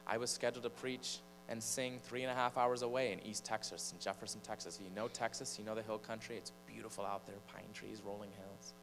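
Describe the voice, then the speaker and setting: A man's voice: lowish voice, fairly quick, creaky, few pauses, music in the background. A man from Michigan, a preacher and singer, animatedly telling a personal story from the pulpit in a large church. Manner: animated storyteller, building suspense. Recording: long church reverb, faint mains hum.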